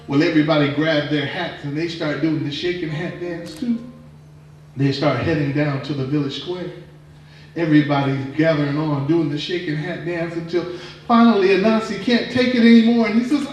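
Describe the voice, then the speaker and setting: A man telling a folktale live at a performance venue, expressive and dramatic, drawing out words. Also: a little high, normal speed. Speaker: storyteller. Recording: echoey room from a distant mic.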